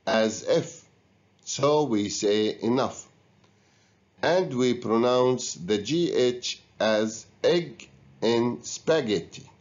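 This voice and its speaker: A man's voice: mid-range voice, a little mellow. A man teaching an English lesson, giving patient step-by-step instructions to students. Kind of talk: recorded classroom lesson. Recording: dull lo-fi recording.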